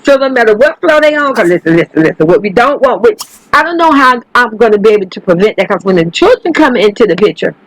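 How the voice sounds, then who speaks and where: A woman talks her viewers through a life-sim game in loose, animated commentary. She swears freely, laughs a lot and keeps calling her audience baby. Her voice leaps higher whenever something delights or shocks her. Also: quick pace, no room sound, poor audio. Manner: animated, chatty and profane, calls viewers baby; laughs often, voice jumps high when excited. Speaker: gaming channel host. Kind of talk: casual gameplay commentary.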